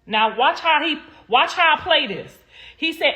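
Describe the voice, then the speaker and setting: A woman's voice: high voice, expressive, measured pace, sharp tone. A young adult woman hosting a casual livestream, talking straight to her viewers in a blunt, rambling way and swearing freely. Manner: sassy, talks straight to viewers. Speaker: livestream host.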